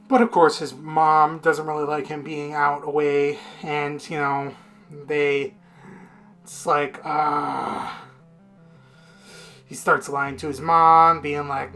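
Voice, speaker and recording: A man's voice: a little high, steady tone, measured pace, a bit bright, faint music behind. A man casually reviewing a manga in a rambling, profane, unfiltered way.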